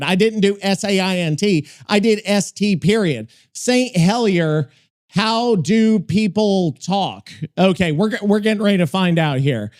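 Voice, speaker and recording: A man hosting a podcast in casual chat, rambling, swearing and excitable. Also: high voice. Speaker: podcast host.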